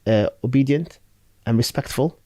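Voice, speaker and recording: A man's voice: medium pitch, normal speed, warm tone, no echo. A man who is an Islamic scholar, explaining duties in a podcast with Arabic terms. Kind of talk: religious podcast discussion.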